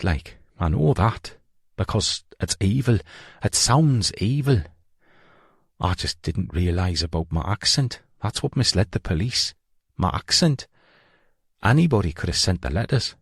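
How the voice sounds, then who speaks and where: A man voicing a remorseful middle-aged man with a Geordie accent, confessing to police in halting, rueful phrases. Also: lowish voice, very animated, vocal fry, husky, no room sound, clean studio sound, heavily acted. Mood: regretful. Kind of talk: audiobook reading.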